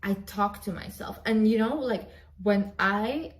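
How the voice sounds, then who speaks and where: A woman's voice: medium pitch, unhurried. A woman vlogger giving an emphatic, repetitive motivational pep talk straight to her viewers. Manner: emphatic, repetitive, direct address.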